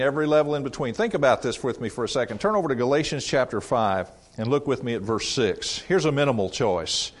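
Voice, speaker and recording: A man preaching a sermon in a conversational way, asking rhetorical questions and rising and dropping his voice for emphasis. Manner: varies pitch and loudness widely for emphasis.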